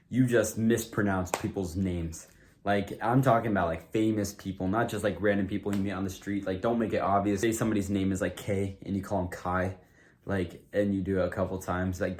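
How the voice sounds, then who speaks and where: Man, low voice, casual talk to camera, rambling, lots of fillers and restarts. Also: darkish tone. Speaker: comedy video creator.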